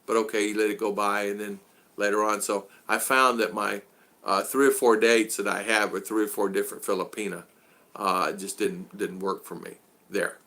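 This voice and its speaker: A man chatting casually to his live-stream audience, with a bright, forceful voice. He rambles with lots of "uh"s and restarts and stops to greet viewers by name. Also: on the low side, flat delivery, moderate pace. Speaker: vlogger hosting a live stream.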